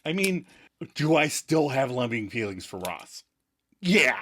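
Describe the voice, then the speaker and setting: A man's voice: very animated, measured pace, sharp tone, exaggerated voice. A man voicing a flustered young woman in denial about her feelings, rambling in a raised voice. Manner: rambling, squeaky high pitch.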